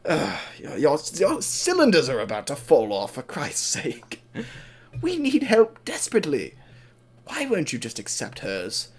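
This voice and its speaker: A man voicing a weary, gentle old male steam engine, speaking softly and tiredly. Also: on the high side, wildly swooping pitch, unhurried, husky, exaggerated voice. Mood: exasperated.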